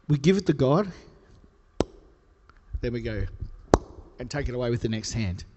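A man preaching a sermon in a conversational, playful way, building to emphatic highs. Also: very animated, moderate pace, highs cut off, background noise. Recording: hall reverb.

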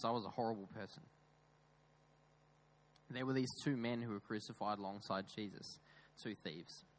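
Man, preacher, sermon, church, emphatic, quiet low asides, lowish voice. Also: rough recording. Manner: emphatic, swinging between raised stresses and quiet, low asides. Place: church with screens.

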